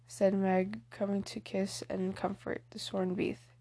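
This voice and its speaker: A woman's voice: mid-range voice, monotone, a little slow, dark tone, slightly rough. A woman reading a novel aloud as an audiobook, plainly, with small slips and restarts. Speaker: audiobook reader. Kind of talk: audiobook narration.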